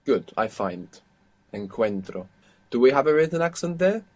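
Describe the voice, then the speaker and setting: A man's voice: mid-range voice, sing-song, normal speed, darkish tone. Patient male language teacher. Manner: patient, explains step by step. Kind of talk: audio course instruction.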